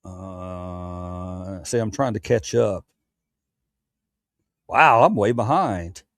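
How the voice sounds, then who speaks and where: A man's voice: low voice, drawn-out words, dry recording, clean studio sound. A grown man hosting his own late-night livestream, chatting candidly with viewers, rambling and stammering through restarts with casual swearing. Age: adult, past his youth. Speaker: livestream host.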